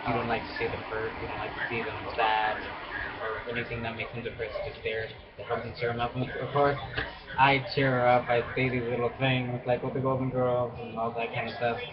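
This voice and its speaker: A man's voice: medium pitch, flat delivery, brisk, highs cut off, a loud crowd. A young man talking casually to camera, earnest and rambling with many restarts and frequent laughs. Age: young adult. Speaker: vlogger.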